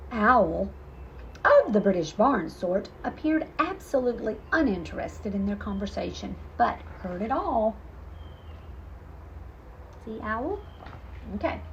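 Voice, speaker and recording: A woman teacher reading a children's picture book aloud, expressive and chatty with asides to young listeners. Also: on the high side, creaky, lo-fi sound, a little hiss or hum. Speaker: storytelling teacher.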